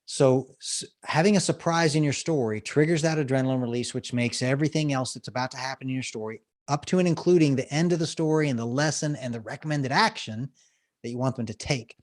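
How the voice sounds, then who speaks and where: A man, a storytelling coach, explaining techniques and telling an example story on a podcast interview, animated and laughing often. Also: medium pitch, fast. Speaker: guest, business storytelling coach.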